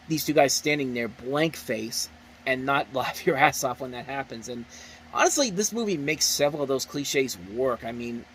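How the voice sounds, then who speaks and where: A man's voice: mid-range voice, fairly bright tone, slight background noise, rough recording. A man giving a casual spoken movie review, enthusiastic and rambling, often restarting his sentences.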